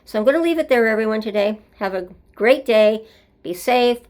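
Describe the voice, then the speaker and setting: A woman's voice: a little high, expressive, normal speed, a little mellow. A woman hosting a solo show, speaking in an earnest, meandering way as she reflects and tells stories. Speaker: host.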